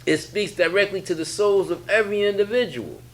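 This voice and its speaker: Man preaching in a relaxed drawl. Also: sits high, a little fast. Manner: preachy, repetitive, colloquial. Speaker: religious leader. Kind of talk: spiritual teaching in a sit-down talk.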